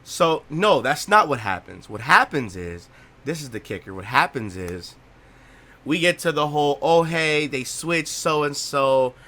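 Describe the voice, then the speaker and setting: A young man with a bright, forceful voice sitting somewhat high in his range gives a blunt gameplay reaction rant. He swears freely and repeats himself for emphasis as he talks to his viewers from his home gaming setup. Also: sing-song, unhurried. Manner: blunt, profane, repeats himself when ranting. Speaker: let's play host.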